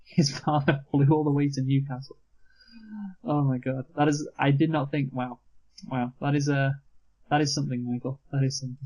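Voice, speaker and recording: A man's voice: mid-range voice, little pitch movement, normal speed, a little mellow, poor audio. A man co-hosting a casual movie review chat, teasing his co-host dryly and swearing freely. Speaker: podcast co-host.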